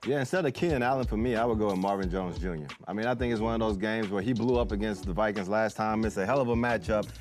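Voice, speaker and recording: A man's voice: lowish voice, quick pace, few pauses, faint music behind. A man confidently rattling off fantasy football stats.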